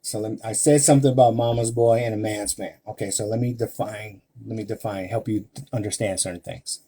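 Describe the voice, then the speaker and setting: This man's husky, dark-toned voice sits lowish, moving a little fast with fairly even intonation. Hosting a live-stream relationship advice talk, he addresses women listeners directly, emphatically, with rhetorical questions.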